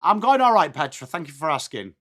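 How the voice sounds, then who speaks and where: A man's voice: on the high side, big pitch swings, a little fast, fairly bright tone. An English man hosting a live football watch-along, calling the play and chatting to viewers. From England. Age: adult with children. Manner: chatty, switches between calling play and answering viewer comments. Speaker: live stream host.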